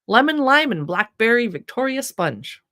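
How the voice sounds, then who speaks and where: A woman's voice: fairly high pitch, very animated, normal speed, bright, forceful tone. A chatty woman hosting a casual livestream, leafing through a cookbook and exclaiming over the pictures with self-deprecating asides. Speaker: livestream shopping host.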